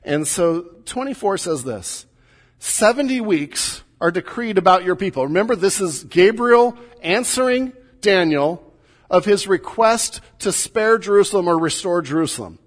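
A man's voice: high voice, lively intonation, moderate pace. A middle-aged man, a pastor, preaching a sermon in a conversational, teaching way with light humor, recorded in a church sanctuary. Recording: long hall reverb.

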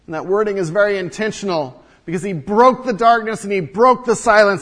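A man preaching a sermon to his congregation, swinging from hushed low passages to loud emphatic peaks, with repetition and rhetorical questions. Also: brisk, few pauses. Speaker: pastor.

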